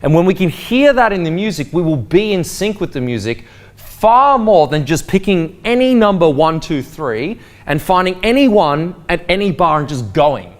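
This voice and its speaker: Guy teaching waltz, kinda high voice, swoops around a lot, sings the counts, soft music behind. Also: sing-song, normal speed. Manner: counts beats aloud in a sing-song voice. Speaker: dance teacher. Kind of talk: spoken dance lesson.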